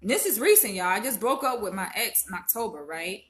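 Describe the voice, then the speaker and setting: A woman in her twenties from Florida talks straight to her viewers, calling them "y'all" and swearing freely. Her voice is bright and tense, with pitch in the middle range. She is upset and holding back tears as she vents. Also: expressive, brisk, a little hiss or hum. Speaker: vlogger. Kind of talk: casual venting to camera.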